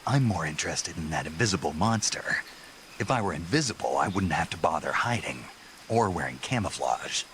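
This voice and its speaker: Dry, wry game character, very deep voice. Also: male voice, animated, a little fast, a bit bright, a little hiss or hum, poor audio.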